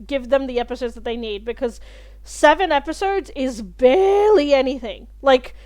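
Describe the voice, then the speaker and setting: A young woman hosting a reaction video, talking through an episode in a chatty, animated way and swearing freely. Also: sits high, moderate pace. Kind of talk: casual spoken review of a TV episode.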